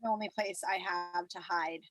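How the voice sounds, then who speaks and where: A woman guest from Florida telling wry, animated stories while recording from a closet at home. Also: lowish voice, moderate pace. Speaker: podcast guest. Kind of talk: casual chat.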